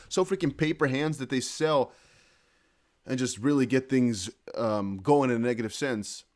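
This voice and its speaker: A man hosting a casual live crypto news stream, excitably thinking aloud as he reads viewer chat and posts. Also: on the high side. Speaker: crypto news livestream host.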